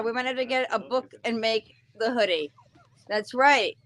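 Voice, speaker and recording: A woman's voice: fairly high pitch, normal speed, fairly bright tone. A middle-aged woman hosting a casual live knitting show, chatty and giggly, reading out viewer comments. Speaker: host.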